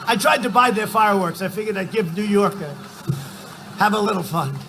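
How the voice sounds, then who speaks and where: An older man speaking at a large outdoor rally, boastful and rambling. He shouts out rising numbers, and his voice sits high and sounds bright and forceful. Faint crowd ambience hangs behind him. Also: fairly quick, a little hiss or hum, rough recording. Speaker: political speaker at a campaign rally. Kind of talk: rally speech.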